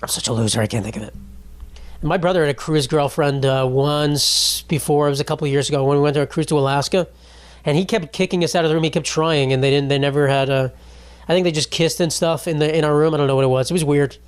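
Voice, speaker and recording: A man's voice: on the high side, steady tone, fast talker, clear, resonant tone. A young man hosting a casual solo podcast, rambling and swearing, often mocking himself. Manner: rambling, profane, self-mocking. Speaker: podcast host.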